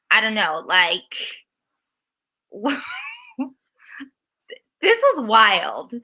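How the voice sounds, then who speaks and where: A woman co-hosting a casual recap chat, ranting animatedly and mocking people with quick impressions. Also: medium pitch, lively intonation, bright, forceful tone. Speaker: podcast co-host.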